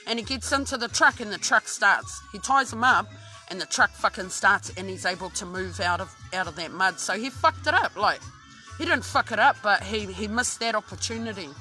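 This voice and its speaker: A woman's voice: medium pitch, normal speed, pushed and bright, soft background music. Swearing Australian woman telling a story. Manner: heavy swearing, rambling with many restarts. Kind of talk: casual true-crime storytelling.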